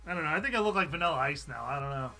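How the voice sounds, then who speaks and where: A man's voice: a little high, lively intonation, very fast, gravelly, bright, forceful tone, faint music behind. A man hosting a live stream, chatting casually, reading out viewer comments and laughing often. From USA.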